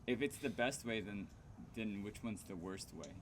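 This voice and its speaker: A man's voice: fairly low pitch, lively intonation, moderate pace. A man playing a tabletop game, asking questions of the characters around him. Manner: questioning, curious. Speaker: player. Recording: noisy home table recording.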